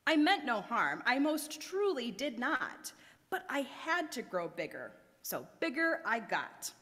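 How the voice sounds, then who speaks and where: A woman reads a rhyming storybook aloud at a worship service, her voice swinging widely in pitch. She takes it slowly and theatrically, and a long reverb trails off the church walls. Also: sing-song, pushed and bright. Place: church sanctuary.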